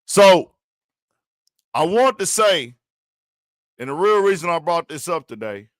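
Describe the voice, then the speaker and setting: A livestream host rants in a fired-up way, calling out to his viewers and repeating his points in live-stream commentary. His voice is a little high and very animated, though a little slow. The recording is dry, with clean studio sound.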